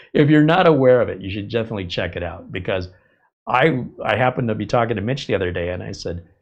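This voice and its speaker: A man's voice: fairly low pitch, animated, brisk, creaky, lo-fi sound. A man hosting a live stream, telling stories in a chatty, rambling way. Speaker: host. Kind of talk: casual live-stream monologue.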